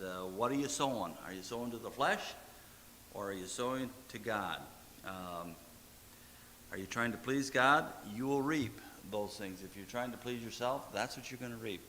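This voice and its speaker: A man's voice: medium pitch, pushed and bright, long reverb tail. Man, pastor, folksy sermon, repeats short commands, faint hiss. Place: church sanctuary.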